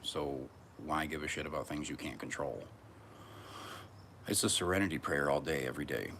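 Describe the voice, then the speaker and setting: A man's voice: very deep voice, normal speed, a bit bright, a little hiss or hum. A man vlogging from a back porch outdoors, talking in a brash, profane, rambling monologue.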